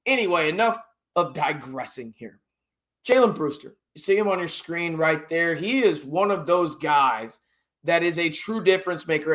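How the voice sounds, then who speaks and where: Energetic man talking sports. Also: sits high. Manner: energetic, chatty, digressive fan talk. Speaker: sports channel host. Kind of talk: casual sports recruiting commentary.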